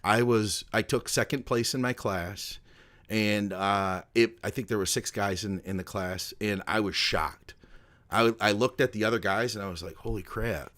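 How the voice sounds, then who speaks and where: A middle-aged man with a somewhat low voice chats casually as a podcast co-host. He rambles through his memories and fills the gaps with "like" and "you know.". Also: normal speed, a bit bright. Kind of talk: casual chat.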